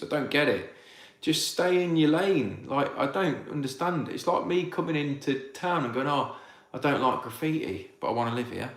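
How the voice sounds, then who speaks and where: A man's voice: fairly high pitch, lively intonation, normal speed, fairly bright tone, reverberant. A man, a farmer answering viewer questions in casual livestream chat. He rambles with many restarts and rants when something irks him.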